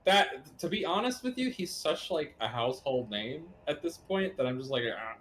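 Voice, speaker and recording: A man on a gaming stream rambles with excitement, stumbling over his words. His pitch swings widely, with faint noise in the background. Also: moderate pace. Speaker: co-host. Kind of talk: casual chat.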